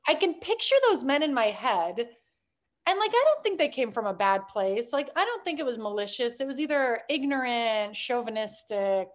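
High-voiced chatty woman, laughs often. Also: expressive, moderate pace. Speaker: startup founder, guest. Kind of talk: casual interview talk.

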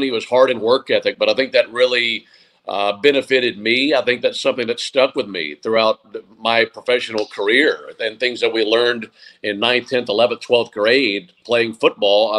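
A sports broadcaster in his forties, talking as a guest in an interview, reflective and often pausing to restart his sentences. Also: mid-range voice, a bit bright, rough recording. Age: 40s. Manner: reflective, with frequent restarts and fillers. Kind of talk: interview conversation.

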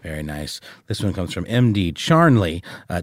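A man's voice: low-pitched, sing-song, normal speed, dry recording, clean studio sound. A man co-hosting a podcast, reading listener messages in a playful, jokey casual chat. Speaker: podcast co-host.

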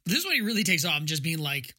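An excitable man in a casual podcast chat, leaning on fillers as he tells a story. His voice is high, husky and very bright. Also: racing, no echo, studio quality. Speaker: podcast co-host.

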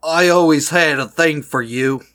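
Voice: medium pitch, unhurried, a bit bright, lightly acted. A player voicing a flirtatious male guard with a teasing, playful delivery. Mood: flirty.

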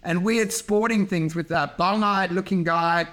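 A man's voice: high-pitched, a little slow, a bit bright. A man, co-hosting a podcast with rambling, crude banter and acted-out voices. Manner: rambling, crude, acts out voices while laughing. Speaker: podcast co-host.

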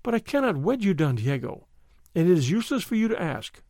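A man's voice: high-pitched, sing-song, brisk, a little mellow, no room sound, clean studio sound. A man reading aloud and voicing a proud, spirited young noblewoman who speaks with indignant scorn. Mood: earnest.

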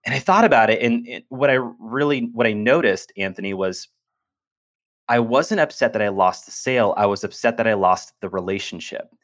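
Earnest low-voiced man telling a story. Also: normal speed. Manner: earnest, animated storyteller who restarts phrases. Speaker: podcast guest, business speaker. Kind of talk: conversational storytelling in an interview.

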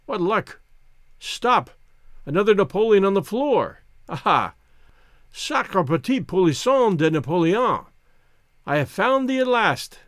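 A man's voice: high voice, fairly bright tone, dry recording, clean studio sound, exaggerated voice. A man voicing a boisterous, crafty old male ex-grenadier in an audiobook, with an exclamatory, grandiose manner. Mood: gleeful. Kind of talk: audiobook character voice.

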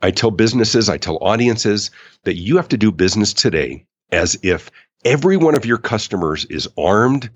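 A man talking as a guest in a podcast interview, emphatic and animated. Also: fairly low pitch, normal speed, husky, no echo, highs cut off. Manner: animated, emphatic, acts out quoted customers. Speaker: author and customer experience speaker, guest.

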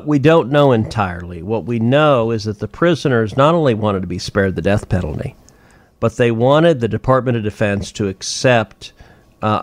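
A man's voice: on the low side, no room sound. A man, a senator hosting a political podcast, talking emphatically and with indignation, repeating phrases for force.

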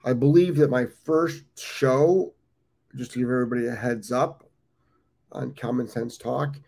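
A fifty-something American man hosts a live stream, talking off the cuff. His voice is gravelly and dark, and he loops back over his phrases with plenty of ums. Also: medium pitch, a little slow. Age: 50s. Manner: rambling, repeats phrases, frequent ums. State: has the hiccups. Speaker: dog training show host. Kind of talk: casual live-stream talk.

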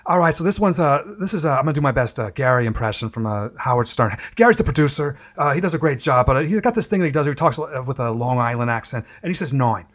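A man's voice: medium pitch, expressive, quick pace, few pauses, a bit bright. A man hosting a podcast in casual chat, loose, rambling and profane. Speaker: podcast host.

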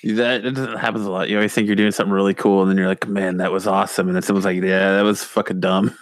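A man's voice: low voice, flat delivery, fast. A man co-hosting a casual podcast chat, chiming in with dry jokes.

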